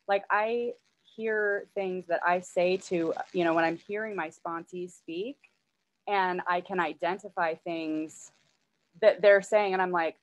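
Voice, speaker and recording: A woman's voice: fairly low pitch, muffled recording. A woman sharing in a gushing, tearful way at an online recovery meeting, often saying "like" and "you know". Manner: gushing, tearful, many fillers of like.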